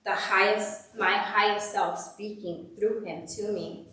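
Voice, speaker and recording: A woman's voice: mid-range voice, steady tone, takes it slowly, pushed and bright. Candid woman speaking from far off. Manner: candid, conversational, uses "like" often. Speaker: guest speaker at a church service. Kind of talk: personal testimony talk. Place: church hall. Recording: echoey hall from far off.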